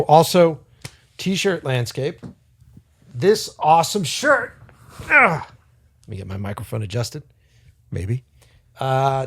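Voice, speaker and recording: A podcast co-host with a voice on the high side chats casually, telling rambling stories and dropping the odd swear word. The recording is dry, with clean studio sound.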